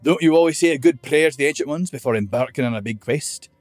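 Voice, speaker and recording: A man's voice: fairly high pitch, fast talker, a little mellow, dry recording, faint music behind, pitched above the performer's own voice, lightly acted. A man doing a guilt-ridden dwarf warrior. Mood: forced light.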